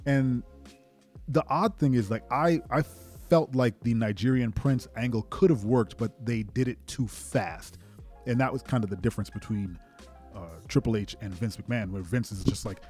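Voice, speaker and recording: A man hosts a casual wrestling talk show with a mellow, relaxed tone at a mid pitch. He rambles and thinks aloud, circling his points with plenty of "like"s, while faint music plays underneath. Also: normal speed, slightly rough. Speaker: wrestling podcast host. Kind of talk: casual commentary monologue.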